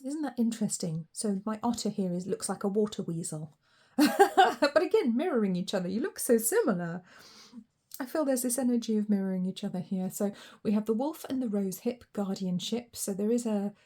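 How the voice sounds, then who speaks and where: Posh English woman, mellow voice, chatty rambling tarot reader. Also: mid-range voice, lively intonation, fairly quick. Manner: chatty, rambling, warm asides with fillers and soft laughs. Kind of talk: casual spoken tarot reading.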